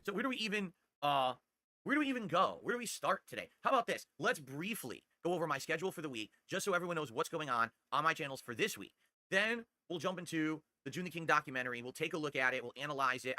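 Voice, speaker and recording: A man's voice: fairly high pitch, animated, quick pace, sharp tone, no echo. A man hosting his livestream, talking into a desktop condenser mic at home and ranting in a brash, boastful way. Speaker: streamer host. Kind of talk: casual podcast-style livestream monologue.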